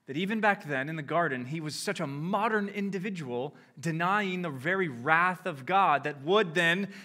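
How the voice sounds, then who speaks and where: Male preacher, fairly high bright voice, slow deliberate sermon delivery with emphatic surges. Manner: slow, emphatic, with sharp rises in pitch and volume on key phrases. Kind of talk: expository sermon.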